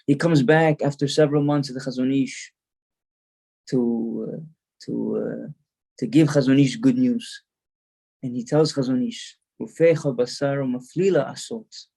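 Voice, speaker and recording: A man's voice: medium pitch, steady tone, unhurried, creaky, long pauses, mellow, husky. A male rabbi giving a storytelling sermon, earnest, repeating words as he builds the story.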